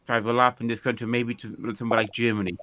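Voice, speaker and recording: A man co-hosting a casual group chat, pitching ideas with enthusiasm. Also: little pitch movement, quick pace, bright, forceful tone. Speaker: podcast co-host.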